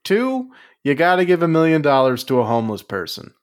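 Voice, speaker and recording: A hoarse man co-hosting a casual comedy movie podcast, joking around and swearing freely. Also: on the high side, very animated, fairly quick. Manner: jokey, swearing, goofy bits. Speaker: podcast co-host.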